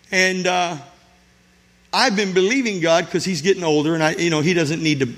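Male pastor, middle-aged, high bright voice, exhorting sermon with folksy asides. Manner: exhorting, calls for shouts and amens; folksy storytelling with his congregation.

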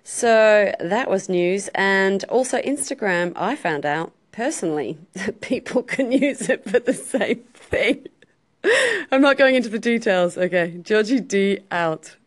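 A woman's voice: medium pitch, lively intonation, slow. Breezy Australian woman caller. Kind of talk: recorded voice message.

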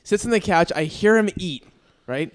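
A man's voice: sits high, moderate pace. A man hosting a podcast, telling a joking story about an old roommate. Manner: animated, joking. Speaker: podcast host. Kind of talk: casual storytelling.

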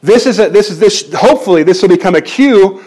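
A man preaching a sermon in church, animated and jokey, often restarting his words. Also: high voice, fairly quick, husky. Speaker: pastor.

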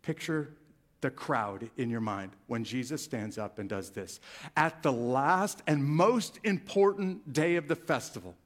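A man's voice: medium pitch, a little slow. A man preaching a sermon as pastor, rising in volume and emphasis on key phrases. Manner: animated preaching, swelling louder on key phrases.

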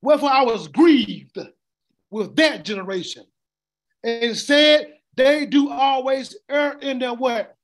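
A man with a very high voice preaches verse by verse, throwing questions at his listeners and waiting for them to finish his lines. He often stumbles into repeated words before pressing on. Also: slow pace. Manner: call-and-response questioning, stammering repeats. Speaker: preacher teaching scripture. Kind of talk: interactive sermon.

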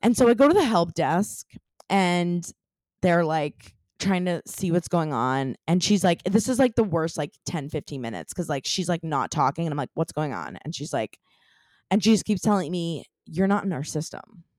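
Animated woman telling a story. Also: on the low side, moderate pace, no echo, studio quality. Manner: animated storytelling, lots of "like" fillers. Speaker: podcast co-host. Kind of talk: casual chat.

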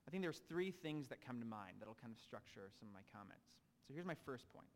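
A man's voice: fairly high pitch, a little mellow, in a large hall. A young adult man preaching a sermon, reading scripture aloud and breaking in with casual asides. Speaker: pastor.

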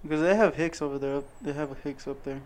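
A young man with a slightly higher voice co-hosts a casual podcast. He talks in an animated, slangy way and laughs a lot. He sounds like he is just hanging out with friends. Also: fast talker, a little hiss or hum. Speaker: podcast co-host. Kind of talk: casual chat.

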